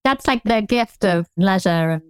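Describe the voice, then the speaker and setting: A woman from England with a Southern English accent, a historian guest speaking in a friendly, measured way. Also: mid-range voice, clean tone, no room sound. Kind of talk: casual interview chat.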